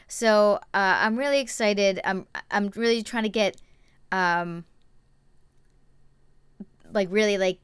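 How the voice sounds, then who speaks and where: A woman's voice: mid-range voice, slow, pauses often, clear, resonant tone, dry recording. A young woman hosting a casual live-stream show from a cluttered room at home, rambling and chatty with lots of fillers and restarts.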